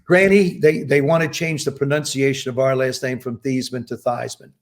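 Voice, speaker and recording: A man's voice: mid-range voice, normal speed. A man in his seventies from New Jersey, a podcast guest telling long anecdotes and acting out the people he quotes. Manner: anecdotal, acts out quoted voices with lively emphasis. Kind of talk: casual storytelling interview.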